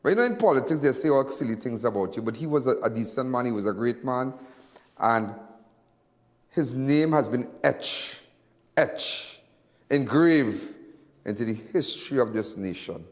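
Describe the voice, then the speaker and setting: Rambling and repeating himself in local dialect, a Trinidadian-accented man delivers emotional live commentary as host of a crime news show. His voice sits at medium pitch, animated and fairly quick, and trails off in a long reverb tail.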